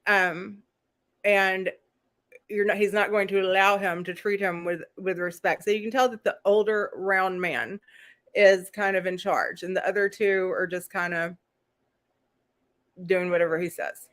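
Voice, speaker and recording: A woman's voice: mid-range voice, steady tone, unhurried, a bit bright. Female host, casual live-stream recap, chatty and rambling, laughing asides.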